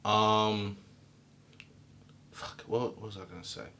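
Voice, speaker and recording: A young man with a fairly low, gravelly voice speaks slowly while co-hosting a podcast. He tells stories in casual conversation, animatedly imitating the people in them and swearing freely.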